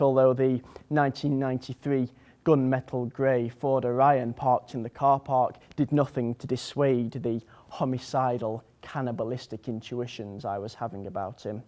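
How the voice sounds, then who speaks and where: An actor playing a sardonic rescue dog. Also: male voice, mid-range voice, natural voice. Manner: dry, deadpan, sardonic storytelling. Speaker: monologue performer. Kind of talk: theatrical comic monologue.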